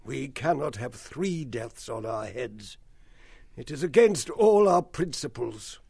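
Old mouse abbot, slow, gravelly and husky. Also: male voice, medium pitch, lively intonation, darkish tone, dry recording, exaggerated voice. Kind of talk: full-cast audiobook acting.

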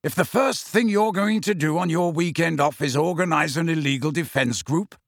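Reading an audiobook at a moderate pace, a man performs a bold, wry adult male wizard with a teasing, confident manner. His pitch is fairly high, raised above his natural voice yet close to an everyday one. The sound is clean studio audio with no echo.

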